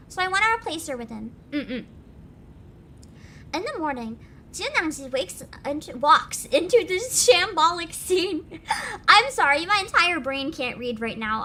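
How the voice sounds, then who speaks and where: A young woman streaming a game, her high, bright voice swinging widely as she reads lines aloud and gushes with giggles in between. A faint hiss of background noise sits under her streaming mic. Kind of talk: game livestream, reading and reacting.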